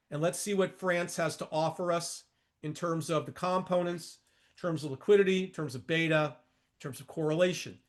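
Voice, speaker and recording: A man in his sixties giving a trading lesson while walking through charts, emphatic and repetitive, with folksy asides to his viewers. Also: a little high. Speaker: market educator.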